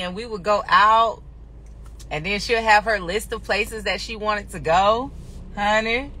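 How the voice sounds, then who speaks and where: Bright-voiced, chatty woman live-streaming. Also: medium pitch, a little hiss or hum. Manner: chatty, folksy, calls listeners honey and y'all. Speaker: spiritual teacher. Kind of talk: casual live-stream talk. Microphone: phone.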